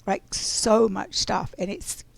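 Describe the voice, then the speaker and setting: A woman's voice: medium pitch, fairly even intonation, takes it slowly, creaky, dry recording. A middle-aged woman telling a spiritual story in a casual, rambling way, full of fillers and restarts. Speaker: oracle card reader.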